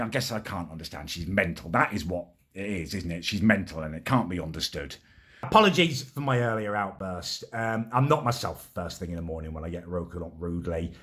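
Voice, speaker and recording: A man's voice: deep voice, fairly bright tone, slightly rough. A young man telling a vlog story about his neighbour in an exasperated, sweary way. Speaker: vlogger.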